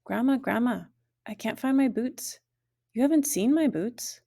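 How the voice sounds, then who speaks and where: Woman reading a storybook boy, plaintive, higher and slow, calling to his family. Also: gravelly, warm tone. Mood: pleading. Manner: plaintive, repeating calls to family. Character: young boy searching for his lost boots.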